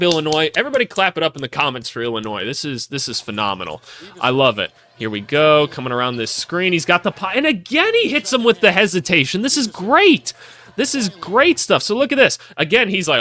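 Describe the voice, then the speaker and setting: A man calling out basketball clips in a casual, excitable way, joking and cheering plays as he watches. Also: on the high side. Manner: excitable, jokey, voices players in asides. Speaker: basketball analyst. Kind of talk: casual video commentary over game clips.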